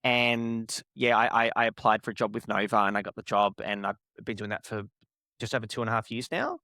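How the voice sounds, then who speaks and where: A man's voice: on the low side, a little fast, pushed and bright, no echo, clean studio sound. A man, a podcast guest, chatting casually and laughing often as he tells stories. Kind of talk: casual chat.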